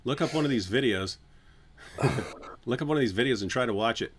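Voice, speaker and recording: A man's voice: a little fast, fairly bright tone, slight background noise. Guy hosting a live stream, joking around, normal mid voice, goofs off singing. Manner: joking, breaks into silly falsetto singing. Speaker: channel host. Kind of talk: casual live stream chat.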